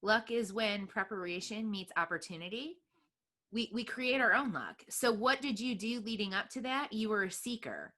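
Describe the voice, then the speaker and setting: A woman's voice: medium pitch, lively intonation, moderate pace, sharp tone. A woman hosting a business podcast, encouraging and affirming her guest as she reflects and asks questions. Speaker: podcast host. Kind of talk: podcast interview conversation.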